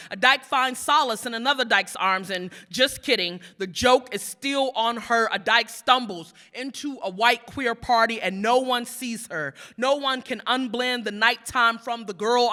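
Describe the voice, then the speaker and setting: At a museum event, a woman poet reads live to an audience in a fairly high, pushed and bright voice. Between rhythmic, building spoken-word pieces, she offers playful asides that poke fun at herself.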